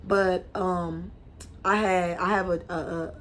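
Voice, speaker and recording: A young woman telling a casual storytime to camera, animated and slangy, with frequent restarts. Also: lowish voice, slow, a little hiss or hum. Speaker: vlogger.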